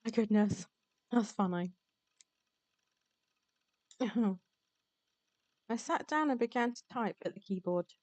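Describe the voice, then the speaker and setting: A woman VTuber reading a visual novel aloud on stream, chatty and quick to laugh. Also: fairly high pitch, animated, a little mellow, no echo. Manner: chatty, reads game text aloud, laughs often. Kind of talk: live-streamed visual novel read-along.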